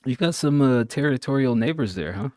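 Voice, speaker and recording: A man's voice: medium pitch, expressive, brisk, darkish tone, no echo. A man co-hosting a casual chat show who makes dry joking asides. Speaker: podcast co-host.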